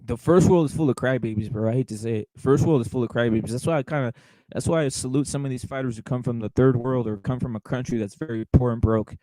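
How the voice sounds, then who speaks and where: A man's voice: mid-range voice, fast, dark tone, no echo, poor audio. A man hosting a boxing show, ranting casually with a lot of swearing and repetition. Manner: profane, heated, repetitive, keeps saying "brother". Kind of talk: casual livestream rant.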